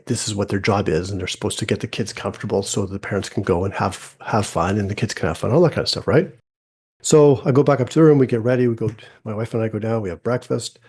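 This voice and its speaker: A man's voice: mid-range voice, darkish tone, breathy edge. A middle-aged man, a podcast host, telling a personal story in a casual, conversational way and acting out quoted dialogue.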